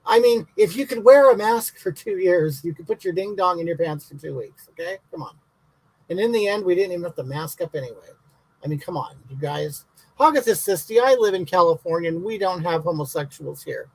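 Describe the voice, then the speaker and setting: A man's voice: high-pitched, animated, fairly quick, dry recording, rough recording. A man playing a brash, bigoted elderly woman who answers viewers' comments in a comic livestream, talking in blunt, indignant, rambling rants.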